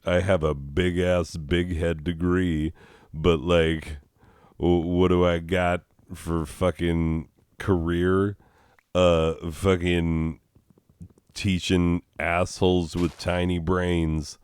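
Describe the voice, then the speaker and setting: Brief: deep, unhurried guy ranting over gameplay, swears a lot and chuckles at himself; smooth, dry close-mic sound. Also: darkish tone, no echo. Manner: rambling and profane, laughing at own jokes. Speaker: schoolteacher. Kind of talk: casual gaming commentary.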